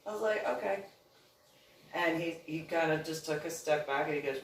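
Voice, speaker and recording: A woman's voice: sits low, moderate pace, long pauses. Woman, casual storytelling monologue, rambling, frequent laughter, echoey room, set back from mic. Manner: rambling, laughs often, acts out quoted people. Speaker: channel host. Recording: roomy echo, distant from mic, faint background noise.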